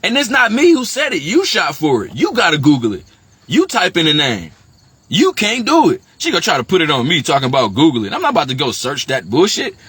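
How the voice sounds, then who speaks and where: A man's voice: sits high, sharp tone, husky, dry recording. A man delivering an agitated, profane monologue, firing off rhetorical questions. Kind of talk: heated monologue rant.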